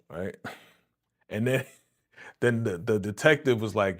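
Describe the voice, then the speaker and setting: A man's voice: medium pitch, unhurried, creaky, long pauses, a bit bright. A man hosting a reaction video, chatting casually and slangily to viewers, chuckling and repeating himself as he breaks down an episode. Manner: frequent chuckles and repeated phrases. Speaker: reaction channel host.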